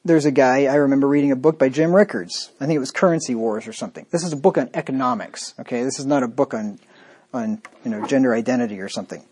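A man's voice: medium pitch, fast, darkish tone, husky. A man preaching a sermon, emphatic and repetitive, with a sarcastic, mocking edge. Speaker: pastor.

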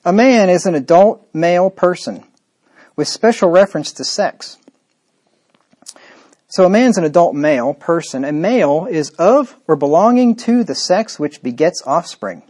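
Scornful preacher, fairly high male voice. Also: animated, normal speed, darkish tone. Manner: scornful, combative preaching with rhetorical asides. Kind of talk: sermon.

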